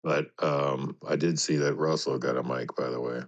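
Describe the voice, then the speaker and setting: A man's voice: a bass voice, fairly even intonation, moderate pace, highs cut off. A man filling in as host of a live stream, chatting bluntly and swearing casually. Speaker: stand-in host. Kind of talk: casual chat.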